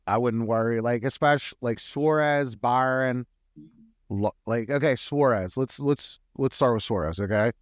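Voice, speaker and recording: A man co-hosting a sports betting podcast, working through numbers in an analytical, halting way. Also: mid-range voice, no room sound, clean studio sound. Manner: analytical, many fillers and restarts. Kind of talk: casual sports betting chat.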